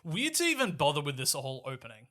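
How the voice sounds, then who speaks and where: Man, podcast co-host, high voice, bright tone, dry wry remarks. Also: huge pitch swings, fast talker. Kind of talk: casual film chat.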